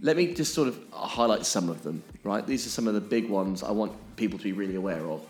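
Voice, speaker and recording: A man's voice: on the low side, animated, fast. A man explaining things on a podcast in an emphatic way, often checking in with "okay?". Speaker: podcast co-host.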